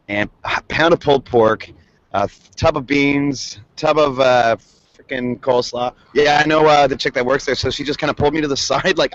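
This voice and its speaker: A man leaving a rambling, excitable voicemail for a podcast. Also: medium pitch. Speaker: voicemail caller. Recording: dull lo-fi voicemail audio.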